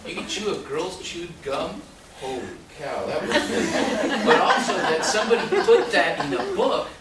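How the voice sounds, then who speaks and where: A man born in Mexico and raised in San Diego, giving a storytelling talk as an author at a library and often laughing and jumping up in pitch. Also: measured pace, over a noisy crowd. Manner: lively, laughing storyteller with sudden jumps up in pitch and loudness. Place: public library event room. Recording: very echoey room, distant mic, noisy.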